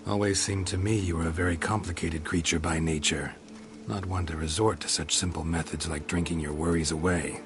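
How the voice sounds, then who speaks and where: An actor playing a weary, gruff male monster hunter in a video game, speaking in clipped, dry, low-key lines. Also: fairly even intonation, fairly quick, noisy background. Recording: game audio with music underneath. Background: music.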